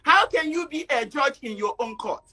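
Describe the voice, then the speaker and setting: A woman giving an emotional speech in an online discussion, often rising to shouting. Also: high voice, lively intonation, moderate pace. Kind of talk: impassioned speech.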